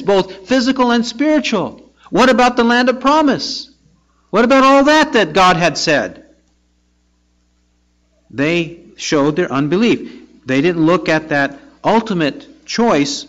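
This man's voice sits high and sounds a bit bright. Captured in dull lo-fi audio, his expository sermon moves verse by verse: he reads the scripture out, then pushes the congregation with rhetorical questions.

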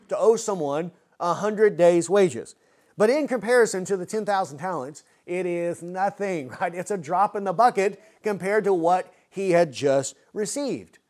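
A man's voice: high-pitched, moderate pace, darkish tone. A man preaching an expository sermon, earnest and full of rhetorical questions.

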